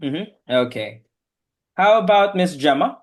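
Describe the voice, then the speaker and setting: A man's voice: on the high side, expressive, unhurried. A man teaching an online English class over a video call, patiently correcting his students' pronunciation word by word.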